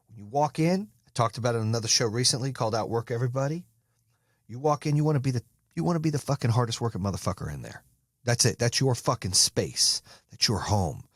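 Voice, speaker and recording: A man's voice: mid-range voice, slightly rough, no echo, studio quality. An American man hosting a podcast, delivering an intense, profane motivational monologue. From United States. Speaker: podcast host.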